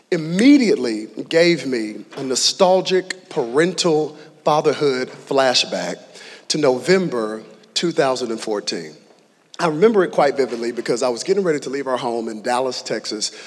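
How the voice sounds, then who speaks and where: A man in his thirties preaching a sermon as pastor, telling stories with humor and rising to shouts. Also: medium pitch. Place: large church hall. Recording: long hall reverb.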